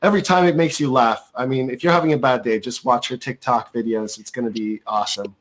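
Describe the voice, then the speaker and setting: A man's voice: mid-range voice, fairly even intonation, fast talker. A man hosting a casual livestream, chatting enthusiastically with his guests. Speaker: host.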